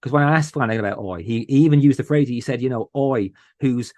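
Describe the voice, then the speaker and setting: A man guest on a podcast, talking in an earnest, emotional way with many halting restarts. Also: medium pitch, a little mellow, dry recording. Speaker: podcast host, interview guest. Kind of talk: casual interview chat.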